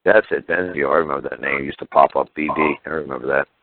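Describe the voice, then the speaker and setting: A man's voice: extremely low pitch, steady tone, quick pace, a little hiss or hum. A man hosting a call-in radio show, telling stories in a blunt, heated, profane way. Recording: phone-like narrow audio.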